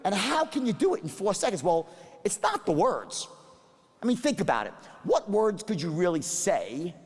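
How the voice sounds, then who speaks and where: A man teaching sales at a live seminar, animated and profane, demonstrating different tones of voice. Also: high-pitched, normal speed, breathy edge. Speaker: sales trainer. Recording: reverberant hall.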